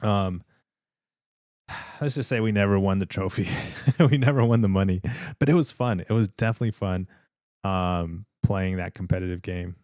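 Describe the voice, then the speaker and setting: A man's voice: sits low, normal speed, a little mellow, no room sound, clean studio sound. A man from California hosting a casual livestream from his home setup, rambling with lots of fillers and restarts and laughing easily. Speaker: livestream host.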